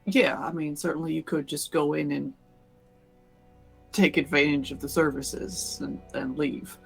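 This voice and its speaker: A man's voice: a little high, little pitch movement, unhurried, gravelly. A man playing a tabletop role-playing game in an easygoing way, laughing often. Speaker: player. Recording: music bed behind.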